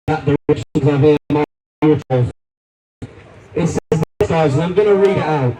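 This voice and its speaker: High-voiced man rousing a rally crowd. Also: unhurried, long pauses. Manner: forceful, repetitive, rousing, addresses crowd as guys. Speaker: political speaker at a rally. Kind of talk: rally speech. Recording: distant voice with faint crowd noise.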